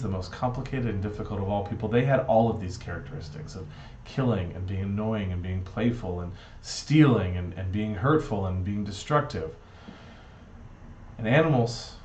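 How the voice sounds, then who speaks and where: A man's voice: fairly low pitch, darkish tone, a little hiss or hum. Earnest man telling a playful parable. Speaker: speaker giving a Shabbat reflection. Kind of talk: storytelling reflection. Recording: dull echoey room recording.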